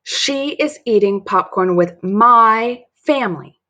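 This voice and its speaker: A woman voicing a stubborn, spirited young girl narrating her own story with excited emphasis. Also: medium pitch, a little slow, breathy edge, muffled recording, exaggerated voice.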